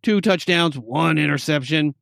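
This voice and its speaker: A man co-hosting a casual sports chat, running through game scores and stats in quick bursts and laughing often. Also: on the high side, gravelly, fairly bright tone, no room sound, clean studio sound. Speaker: podcast co-host.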